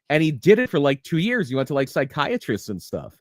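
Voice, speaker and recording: A man co-hosting a casual wrestling podcast spins rambling stories full of restarts and chuckles. His voice is on the high side and sing-song, at a moderate pace with few pauses. It's studio quality with no room sound.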